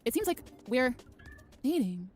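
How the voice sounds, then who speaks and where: A woman's voice: high voice, measured pace. A woman on a let's play stream, reading a dating game's text aloud with exasperated asides. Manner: exasperated, giggly, expressive.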